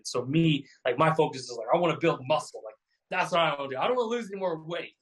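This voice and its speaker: Chatty man with a higher voice. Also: animated, fairly quick, low-quality recording. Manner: chatty, many "like" fillers and repeats. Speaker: keto coach, podcast guest. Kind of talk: casual storytelling.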